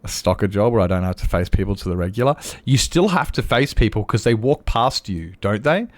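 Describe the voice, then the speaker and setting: An Australian man streaming a game and chatting casually, telling animated stories and acting out other people's lines, with chuckles and restarts. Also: lowish voice, brisk. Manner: animated storyteller who acts out customers' lines; frequent chuckles and self-interruptions. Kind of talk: casual chat while gaming.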